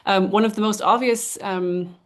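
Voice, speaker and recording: A woman giving an academic guest lecture, explaining in a measured way and often pausing to rephrase. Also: mid-range voice, steady tone. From Ireland.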